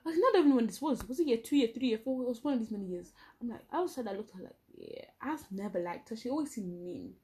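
Animated young woman telling a story. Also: fairly high pitch, fast talker, hardly any pauses. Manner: animated, dramatic retelling with quoted dialogue. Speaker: vlogger. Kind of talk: storytime, casual chat.

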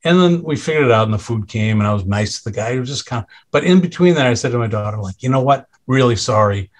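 A middle-aged man, a podcast guest, telling a personal story in a candid, conversational way, halting often with restarts and fillers and acting out what others said. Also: medium pitch, lively intonation. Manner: acts out others' lines in quoted voices.

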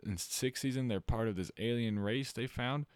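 A man co-hosting a podcast, ranting in an animated, exaggerated way during casual chat. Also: medium pitch, normal speed, clear, resonant tone, no echo. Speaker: podcast co-host.

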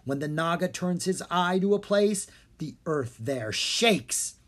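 A storybook reader voicing a gloating male dark wizard who speaks slowly and commands with glee. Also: medium pitch, lively intonation, pitched above the performer's own voice. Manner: slow, gleeful, commanding.

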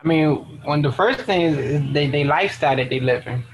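A man co-hosting a casual podcast chat in a relaxed, easygoing way. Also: fairly high pitch, a little fast, a little hiss or hum. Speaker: podcast co-host.

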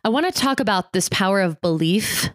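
A woman's voice: medium pitch, expressive, a little fast, no room sound, studio quality. A woman hosting an interview, enthusiastic and thinking aloud as she asks her question. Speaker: podcast host. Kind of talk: casual interview chat.

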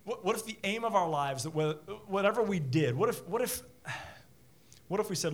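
Animated self-deprecating male pastor. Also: high voice, fairly quick. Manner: self-deprecating, chatty, repeats words when starting sentences. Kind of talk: sermon.

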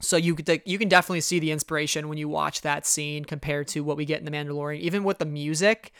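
A podcast co-host chatting casually in a fan recap, animated and rambling, with lots of "you know" and "like". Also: medium pitch, fast talker, smooth, no room sound, studio quality.

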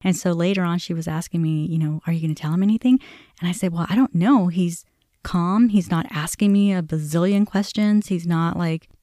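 A woman's voice: lowish voice, fairly even intonation, a little fast, warm tone, no room sound, studio quality. A middle-aged woman hosting a podcast, candidly telling a family story in a conversational way and acting out remembered exchanges. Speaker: podcast host.

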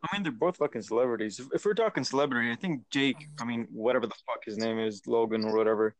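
A man's voice: medium pitch, fast, slight background noise. A young man co-hosting a casual podcast chat, blunt and swearing a lot. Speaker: podcast co-host.

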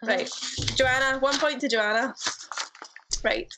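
A woman's voice: high voice, takes it slowly, noisy background. A young Scottish woman chatting casually as a podcast guest, giggly and full of fillers. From Scotland. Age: young adult. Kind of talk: casual chat.

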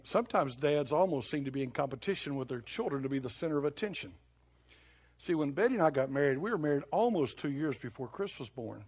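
A man's voice: fairly high pitch, expressive, fast talker, a little mellow, husky. An older man preaching a sermon in a folksy, conversational way, telling stories with sudden bursts of emphasis.

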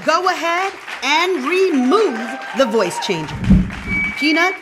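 A woman's voice: sits high, sing-song, slow pace, crowd noise, noisy background, full character voice. A woman playing a gushing daytime talk show host in a showy, sing-song announcer delivery. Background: music.

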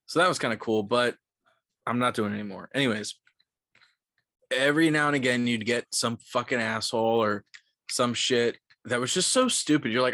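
A man's voice: medium pitch, normal speed, no echo, clean studio sound. A young man in his twenties, a podcast co-host telling a story in a casual, profane way, full of "like". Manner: profane, animated, lots of "like".

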